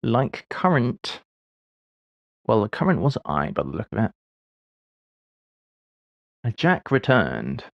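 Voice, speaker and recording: A gravelly-voiced man in his forties chats slowly and unhurriedly on a livestream, his pitch rising and falling a lot as he thinks out loud. He is wry and self-deprecating. The recording is dry and a little muffled, like a lo-fi mic. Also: wildly swooping pitch, dry recording. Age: 40s. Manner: muses aloud while solving puzzles. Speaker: streamer. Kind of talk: casual livestream chat.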